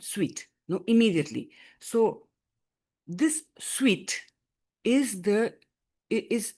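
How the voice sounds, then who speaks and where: A woman's voice: medium pitch, darkish tone. A woman teaching a grammar lesson in class, explaining patiently and often checking that students follow. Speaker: English teacher.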